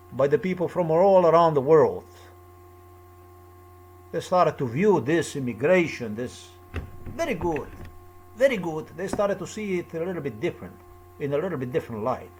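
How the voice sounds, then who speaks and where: A man's voice: on the high side, darkish tone, a little hiss or hum. A man talking alone in a rambling, repetitive monologue with loose, off-the-cuff phrasing. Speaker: commentator.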